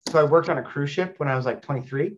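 A man in his thirties, a stage actor, telling casual anecdotes in a rambling, animated way. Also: fairly high pitch, very fast, lo-fi sound, background noise. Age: 30s. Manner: rambling with frequent fillers and restarts, animated storyteller.

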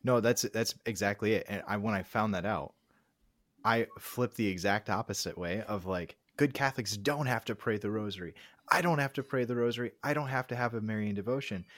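A man's voice: on the low side, a little fast, a bit bright. A young man talking casually and reflectively about his faith, hesitant and full of fillers.

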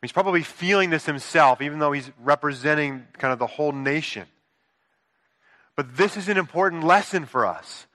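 Male pastor, thirties, earnest conversational sermon, bright tense tone, slightly higher voice. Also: animated, moderate pace. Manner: earnest, conversational preaching with rhetorical asides.

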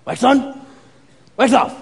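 A man voicing a calm, terse old male karate master who speaks slow, clipped broken English. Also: close to an everyday voice. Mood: calm instructing.

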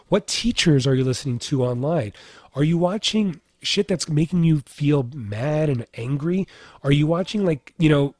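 A man's voice: a little high, lively intonation, moderate pace, a little mellow, no room sound, studio quality. A man in his thirties, a fitness coach for dads, giving a casual motivational talk, talking in a chatty way full of "like" and "right?".

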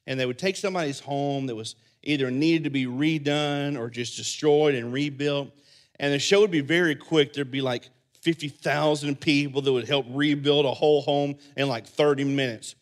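Male pastor, higher voice, animated sermon delivery with loud and soft swings. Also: moderate pace. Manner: animated preaching, voices characters in loud bursts and drops to soft quiet endings.

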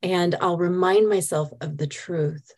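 Woman, hypnotist guest, low pitch, earnest, reflective. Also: measured pace, darkish tone. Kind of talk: casual chat.

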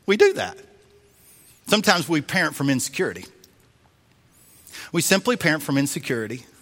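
A man preaching a sermon as a pastor, telling a story in an animated way and acting out the voices he quotes. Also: on the high side, fairly quick. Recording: long reverb of a large hall.

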